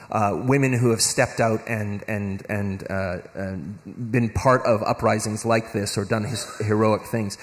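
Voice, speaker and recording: A man giving a convention talk, animated, acting out quoted voices, with many restarts. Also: lowish voice. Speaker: guest of honour speaker. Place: convention hall. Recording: long hall reverb.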